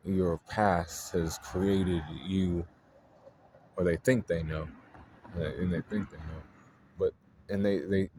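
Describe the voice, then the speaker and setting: A man's voice: deep voice, background noise. A man talking casually and at length about astrology, in a loose, slangy way full of fillers. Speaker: astrology vlogger. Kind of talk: casual off-the-cuff talk.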